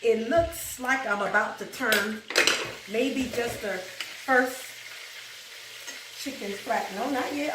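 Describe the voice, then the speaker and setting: A woman's voice: a little high, takes it slowly, pauses often, very noisy. Woman, New York accent, chatty and laughing, echoey kitchen, a little distant from the mic. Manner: chatty, laughs often, breaks into song. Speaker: cooking show host. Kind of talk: casual cooking chat with bursts of gospel singing. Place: home kitchen with food frying. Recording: roomy kitchen audio from off-mic.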